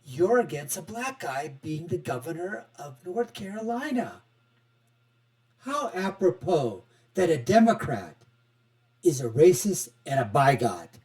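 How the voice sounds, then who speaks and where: A man hosting a political commentary show, mocking and animated, swinging from loud outbursts to quiet asides. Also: a little high, unhurried, poor audio. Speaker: host.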